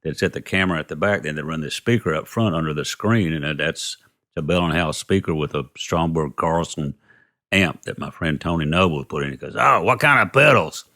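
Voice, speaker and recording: A man's voice: a bass voice, fairly quick, fairly bright tone. A man from Texas, a guest telling rambling anecdotes and acting out the dialogue. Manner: rambling, retells dialogue with "I go" and "he goes". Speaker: interview guest. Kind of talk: casual anecdotal storytelling.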